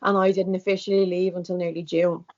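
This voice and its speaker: A young woman with an Irish accent, a student guest telling her own story in a candid interview, talking fast with lots of "like". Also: on the low side, flat delivery, a crowd in the background. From Ireland. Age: young adult. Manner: fast, emotional storytelling with many "like"s. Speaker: student guest, former karate competitor. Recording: dull lo-fi sound.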